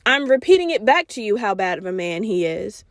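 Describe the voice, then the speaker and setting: A young woman hosting a podcast, telling a personal story in a candid, profane, animated way, quoting herself and her friend. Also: mid-range voice, brisk, no room sound, studio quality. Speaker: podcast host. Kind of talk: casual storytelling monologue.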